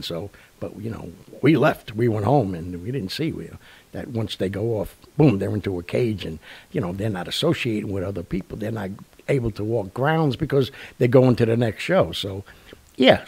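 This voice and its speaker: A man's voice: fairly low pitch, gravelly, a little mellow, husky. An older man hosting a talk show, telling stories in a rambling, casual way with lots of fillers and restarts. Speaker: radio show host. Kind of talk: casual storytelling monologue.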